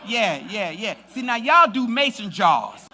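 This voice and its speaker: A man pastor preaching a sermon in a church, joking with the congregation and rising to shouts. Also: high-pitched, big pitch swings, measured pace, some chatter behind, slight background noise. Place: church sanctuary.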